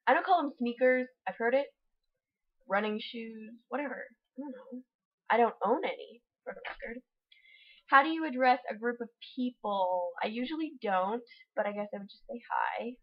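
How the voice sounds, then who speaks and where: A woman's voice: a little high, normal speed, lo-fi sound. A young woman from Utah with a Utah accent, chatting casually and reading a word list with wry, offhand humor. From Utah, USA. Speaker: vlogger.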